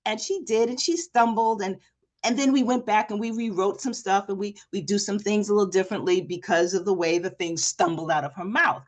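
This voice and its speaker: A woman coach giving an energetic live online workshop, asking the audience questions and acting out quoted speech with a lifted voice. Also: mid-range voice, fairly quick. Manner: energetic, talks straight to the audience with repeated questions. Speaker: presentation coach. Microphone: video call.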